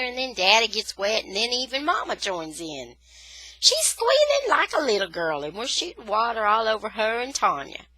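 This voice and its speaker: A woman reading a children's novel aloud in a lively, expressive storytelling style. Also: a little high, no room sound, poor audio. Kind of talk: expressive read-aloud narration.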